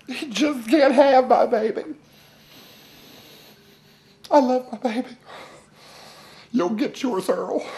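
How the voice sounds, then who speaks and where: A performer playing Mary, a distraught, whiny trailer-park wife who leaps into high wails and complains crudely in a comic home-tour monologue. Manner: melodramatic, wailing pitch leaps, self-pitying, crude. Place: indoors at home, house tour. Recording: echoey room.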